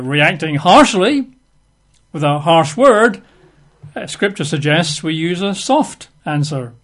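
A man giving a conversational Bible teaching, chatty and wry, with frequent fillers. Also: on the high side.

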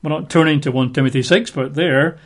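A man preaching a verse-by-verse Bible teaching, unhurried, stretching key phrases and slipping in casual asides with fillers. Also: fairly high pitch, steady tone.

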